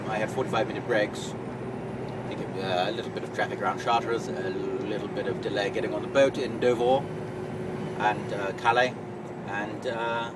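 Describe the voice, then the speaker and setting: A man with an English accent, a truck driver vlogging from his cab, dry and sarcastic, grumbling to himself as he drives. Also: lowish voice. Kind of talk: casual driving vlog. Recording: loud engine and road noise. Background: truck engine and traffic.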